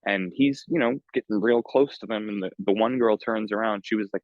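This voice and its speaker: A man's voice: on the low side, moderate pace, dry recording. A young man with a New York accent, hosting a podcast and telling a story in casual street slang, full of swearing and fillers. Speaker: podcast host. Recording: dull lo-fi remote audio.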